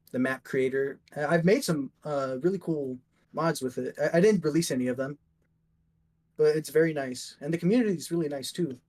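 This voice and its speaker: A man's voice: mid-range voice, a little mellow. A young man, a guest artist, chatting casually in a rambling, upbeat way with lots of fillers. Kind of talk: casual chat.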